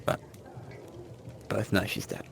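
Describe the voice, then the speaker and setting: A man's voice: a little slow, a bit bright, slight background noise. A man running a tabletop game as game master, narrating loosely with fillers.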